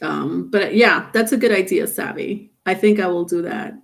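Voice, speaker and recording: A woman's voice: medium pitch, animated, takes it slowly, vocal fry. A woman giving a live-streamed tarot reading, rambling with many fillers and restarts. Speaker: tarot reader.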